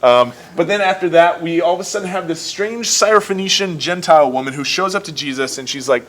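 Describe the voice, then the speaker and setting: A young man hosts a casual livestream Bible lesson in a middle-pitched voice. He talks in an excitable, jokey way and drops into quick voiced asides as he retells each story. The delivery is informal and upbeat. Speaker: youth ministry host.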